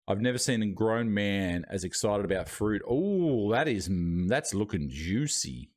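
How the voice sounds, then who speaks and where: Aussie streamer bloke, lowish voice, just chatting and munching on fruit. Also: male voice, lively intonation, moderate pace, few pauses. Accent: Australian. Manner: chatty, talking while eating. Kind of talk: casual live-stream chat. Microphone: streaming mic with noise gate.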